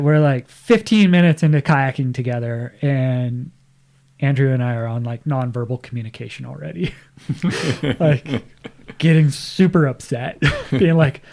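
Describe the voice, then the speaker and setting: Man telling a story with frequent laughs. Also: a little high. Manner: lively anecdote-telling, quoting others, laughs often. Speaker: podcast guest. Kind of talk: casual storytelling.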